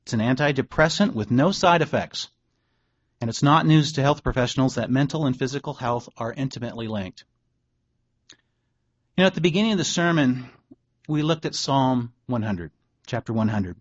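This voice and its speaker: A man's voice: mid-range voice, expressive, moderate pace, long pauses, breathy edge. A man giving a sermon in a conversational way, reading out research and adding wry asides. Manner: conversational preaching, reads quotes aloud, wry asides. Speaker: pastor. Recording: dull lo-fi recording.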